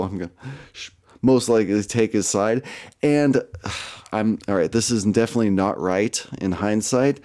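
A man's voice: lowish voice, normal speed, darkish tone. A man casually telling a personal story, rambling and profane, with lots of fillers and self-mocking asides.

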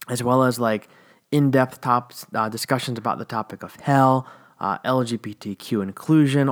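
Blunt, candid man in his thirties. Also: fairly high pitch. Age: 30s. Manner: blunt and candid, with wry laughs. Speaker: former church teacher. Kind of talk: personal monologue.

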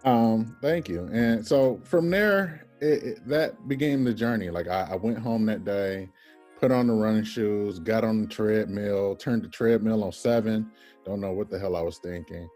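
A man in his thirties, a podcast guest telling an animated personal story and acting out the people in it. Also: lowish voice, normal speed, soft background music. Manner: animated storyteller, acts out quoted voices, laughs often.

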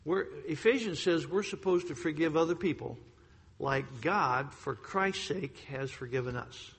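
High, bright-voiced preacher in a reverberant hall. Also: male voice, unhurried, husky. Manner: emphatic storytelling, swings between loud outbursts and hushed lines. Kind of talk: sermon.

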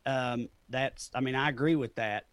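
A man's voice: medium pitch, steady tone, moderate pace, fairly bright tone, no room sound. A man with a Southern Tennessee accent, a comedian talking loosely and often laughing in an interview. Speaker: comedian guest. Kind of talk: casual interview chat.

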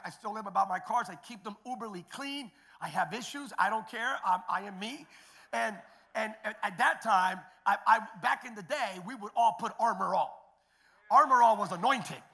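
A middle-aged male pastor delivers a sermon in a strikingly high, bright voice. He tells stories in a loose, conversational way, repeating himself and restarting, then climbs into loud, shouted declarations. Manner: swings from quiet storytelling to loud shouted preaching.

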